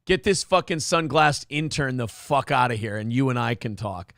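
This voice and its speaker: A man's voice: mid-range voice, animated, moderate pace, a bit bright, no echo, studio quality. A man co-hosting a casual comedic morning show, riffing profanely and acting out quotes. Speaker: co-host. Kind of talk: casual comedic news chat.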